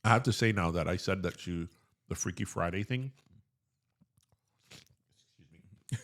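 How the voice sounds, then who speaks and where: A man's voice: sits low, brisk. A man co-hosting a podcast, gossiping about celebrities in a loose, chatty way full of "like". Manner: gossipy, animated, lots of "like". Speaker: podcast co-host. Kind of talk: casual chat.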